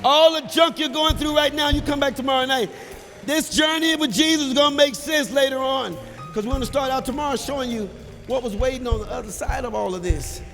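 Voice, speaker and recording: Pastor guy with a high voice calling folks down front, big church reverb, soft music behind. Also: a little fast. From Texas. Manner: urging, repetitive calls to come forward; rises to shouting at peaks. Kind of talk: sermon altar call. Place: large church sanctuary with balcony.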